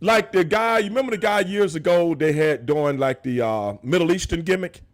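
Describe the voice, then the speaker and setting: Male host, high-pitched, animated, profane, casual banter. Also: moderate pace. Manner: animated, loud, laughing, profane. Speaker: show host. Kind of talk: casual wrestling talk.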